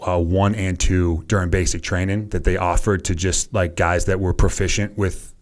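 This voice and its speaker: A man in his thirties with a Boston accent, a former soldier telling relaxed, self-deprecating stories as a podcast guest. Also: deep voice, normal speed. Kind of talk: casual storytelling interview.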